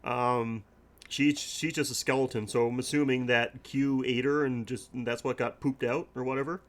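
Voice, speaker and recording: A man's voice: medium pitch, fairly even intonation, moderate pace. A man co-hosting a podcast, recapping a movie casually with laughs and swearing. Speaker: podcast co-host.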